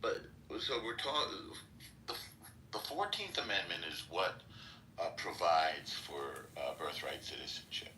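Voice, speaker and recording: Male guest, very deep voice with a sharp, forceful edge; measured and halting; echoey room. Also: animated, recorded from a distance. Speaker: podcast guest. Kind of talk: political discussion. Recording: echoey room, faint noise.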